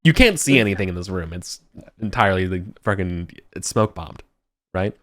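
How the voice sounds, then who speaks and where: A man's voice: low-pitched, lively intonation, normal speed, a bit bright, no room sound, clean studio sound. Rambling man running a tabletop game. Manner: loose, rambling, many fillers. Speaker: game master.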